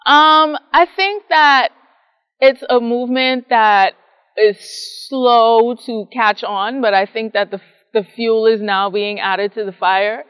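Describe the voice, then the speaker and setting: A woman from the Bahamas, a psychologist and professor, giving measured explanatory answers in an interview and often ending a point with a tag question. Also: fairly high pitch, fairly even intonation, clear, resonant tone, in a large hall, dull audio.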